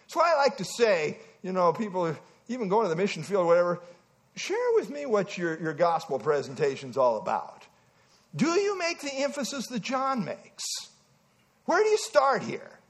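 A man preaching a sermon to a congregation, emphatic and animated, often restarting his phrases. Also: high voice, normal speed.

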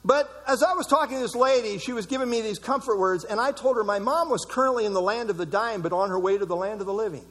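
A middle-aged man preaching a sermon, emphatic, with dramatic pauses. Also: high-pitched, fairly bright tone. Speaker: pastor.

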